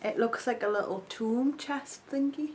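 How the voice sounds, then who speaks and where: Woman in her 30s gushing over makeup palettes, chatty and excitable, talking right to the viewer. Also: a little high, unhurried, a little hiss or hum, low-quality recording. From North East England. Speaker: beauty vlogger. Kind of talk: casual unboxing chat.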